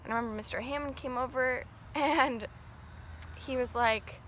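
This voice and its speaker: A young woman speaks in a bright, slightly high voice, confiding a personal story to her viewers. She is earnest and rambling, and her delivery turns emotional. A faint hiss sits under her voice. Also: fairly even intonation, normal speed. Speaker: vlogger.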